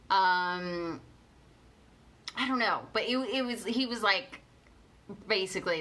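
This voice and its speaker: Bright-voiced woman coaching chat. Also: fairly high pitch, lively intonation, slow pace, pauses often. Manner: chatty, repeats herself, reads viewer comments aloud. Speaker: life coach. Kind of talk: live motivational coaching talk.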